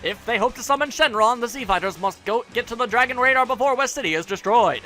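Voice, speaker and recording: A man's voice: very high-pitched, lively intonation, quick pace, bright, forceful tone. A man hosting a let's play, commentating with goofy jokes and taunting the enemy. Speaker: gaming channel host. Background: faint game music.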